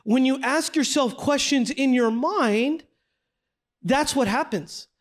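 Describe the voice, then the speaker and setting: High-pitched man leading a Bible study class, energetic and chatty, quizzes his listeners as he goes. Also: slow. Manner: energetic, conversational, asks the group questions. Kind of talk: classroom teaching with slides. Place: classroom with a group.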